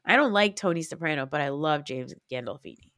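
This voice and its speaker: A woman hosting a podcast in casual chat, animated, laughing often and acting out scenes as she talks. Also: low voice, fairly quick, no room sound, clean studio sound. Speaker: podcast host.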